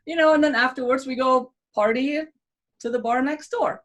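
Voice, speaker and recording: A woman's voice: sits high, normal speed, fairly bright tone. Blunt, laughing woman guest. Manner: straightforward, blunt, laughs a lot. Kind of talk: casual chat.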